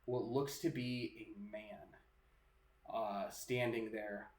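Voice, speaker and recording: A man's voice: lowish voice, fairly even intonation, slow pace. A man narrating as game master of a tabletop game, talking casually with fillers and restarts. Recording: roomy sound with music behind.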